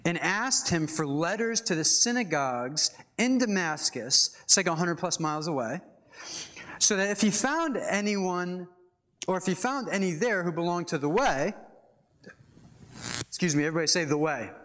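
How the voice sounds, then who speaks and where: A young man preaching a casual, animated sermon, reading scripture and adding chatty asides. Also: sits high, normal speed. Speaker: pastor.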